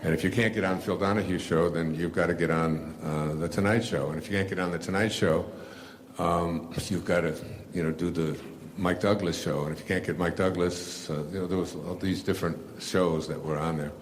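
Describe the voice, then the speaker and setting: A man's voice: deep voice, fairly even intonation, a little fast, slight background noise. An older man telling a rambling personal story to a live audience, full of fillers and restarts, laughing at himself. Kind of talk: casual storytelling talk.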